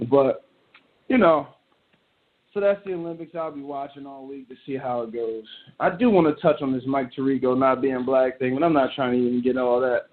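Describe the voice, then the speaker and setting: A man hosting a show, ranting in casual commentary in a blunt, animated way and swearing often. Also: medium pitch. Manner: animated, blunt and profane, reacting aloud. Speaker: show host. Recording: tinny phone-like sound.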